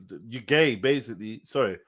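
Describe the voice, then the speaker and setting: A man hosting a casual live panel chat, animated and joking, laughing often and swearing freely. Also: medium pitch, a little fast. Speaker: host.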